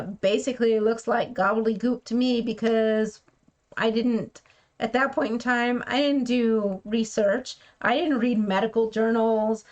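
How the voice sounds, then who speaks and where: A keto vlogger tells a personal story frankly and plainly, sometimes acting out what other people said. Her voice is a little high, and the recording sounds muffled.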